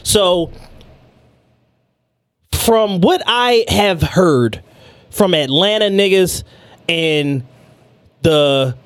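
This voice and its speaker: High-voiced man chatting casually. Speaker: podcast co-host. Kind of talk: casual chat.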